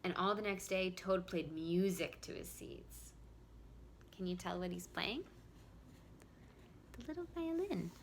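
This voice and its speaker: A woman, a preschool teacher, reading a picture book aloud at home, expressive and talking directly to young children. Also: lowish voice, unhurried, slight background noise.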